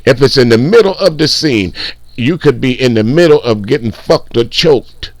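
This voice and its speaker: A man's voice: mid-range voice, animated, moderate pace, no room sound. A man hosting casual reaction commentary, blunt, profane and mocking. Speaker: commentary channel host.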